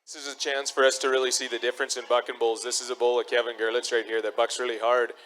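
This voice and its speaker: A man giving expert commentary on bull riding, explaining the bulls in a quick, matter-of-fact way. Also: medium pitch, level tone, fairly bright tone, slight background noise, low-quality recording. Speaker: color commentator.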